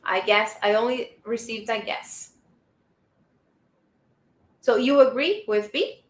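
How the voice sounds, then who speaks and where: A woman's voice: fairly high pitch, slow. A woman teaching a live online English lesson, patiently repeating model sentences for her students. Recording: roomy echo.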